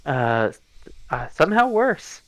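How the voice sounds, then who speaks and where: Field: game. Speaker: slow-talking male co-streamer. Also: fairly high pitch, very animated, slight background noise, low-quality recording. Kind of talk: casual game stream chat.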